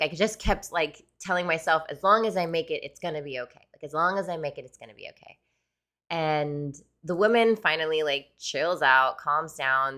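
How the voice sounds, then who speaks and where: Woman podcast host, low pitch, casual storyteller with lots of "like" and "you know" asides. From United States. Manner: chatty, animated, many fillers like "like" and "you know". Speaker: podcast host, tattoo artist.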